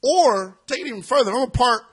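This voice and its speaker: A man hosting a sports talk radio show, talking in an animated, emphatic way that gets loud at times. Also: extremely high pitch, brisk, breathy edge.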